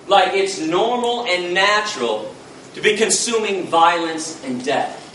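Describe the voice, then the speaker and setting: A man's voice: sits high, expressive, measured pace, fairly bright tone, slight background noise. A man from the United States giving a passionate public lecture, blunt, fiery and confrontational, heard from far off in an echoey hall.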